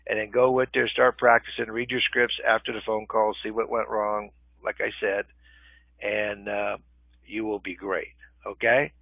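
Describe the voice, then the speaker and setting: An older man with a gravelly voice leads a live webinar in a relaxed, conversational way, pausing often to check in with his listeners. The audio is thin and phone-like. There is no room echo at all. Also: on the low side. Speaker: real estate webinar instructor. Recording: tinny phone-line webinar audio, dry.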